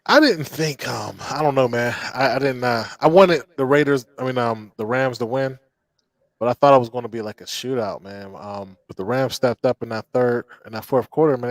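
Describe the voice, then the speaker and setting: A man hosts a loose sports chat, excitable and fond of long exclamations. His voice sits at an ordinary pitch, and the sound is close and dry with no room around it. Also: normal speed, dry recording. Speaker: podcast host. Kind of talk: casual sports talk.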